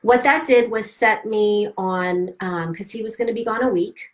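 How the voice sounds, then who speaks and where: A middle-aged woman hosting a live stream, candidly telling a painful personal story with emphatic, swearing, animated delivery and quoted dialogue. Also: mid-range voice, normal speed. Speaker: host of a self-help live stream.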